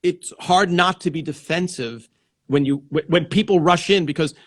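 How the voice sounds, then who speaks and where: Rambling, high-voiced male host. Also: normal speed, fairly bright tone. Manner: rambling, restarts sentences, repeats "yes" and "yeah". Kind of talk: casual live interview chat.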